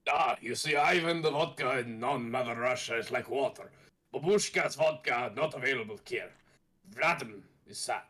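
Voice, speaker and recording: A man's voice: medium pitch, normal speed, sharp tone, breathy edge. A man putting on a comic Russian accent as a mock-gloomy Russian man.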